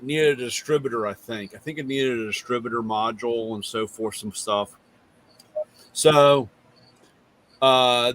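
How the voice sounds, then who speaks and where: A middle-aged man hosting a casual talk, rambling through a garage story and acting out both sides of the conversation. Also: fairly high pitch. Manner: rambling, animated retelling with quoted dialogue. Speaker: host.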